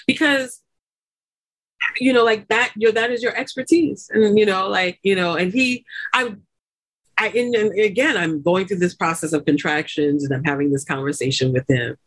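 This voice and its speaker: A woman in a podcast interview tells her story with lively energy, full of fillers and quick laughs. Her voice sits at a middle pitch and she stacks one thought onto the next. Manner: animated, many fillers like "like" and "you know", laughs often. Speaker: doula and lactation consultant guest.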